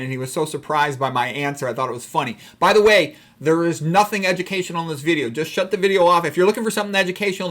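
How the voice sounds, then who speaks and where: A middle-aged man from Chicago talks in a rapid, rambling stream. His voice sits a little higher than most men's. His tone stays wry and frank as he chats casually to camera. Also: bright, forceful tone. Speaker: doctor. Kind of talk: casual personal monologue.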